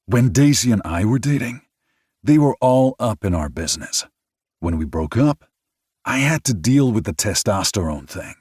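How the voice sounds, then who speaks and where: A man voicing a frank, thoughtful grown man speaking in a measured way. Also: fairly low pitch, a little mellow, slightly rough, dry recording, studio quality, pitched above the performer's own voice.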